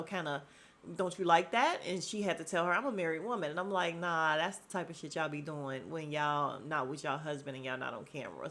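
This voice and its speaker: A woman hosting a podcast, recapping a reality show in a loose, slangy, animated way and breaking into laughter as she acts out the cast's lines. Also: deep voice. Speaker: podcast host.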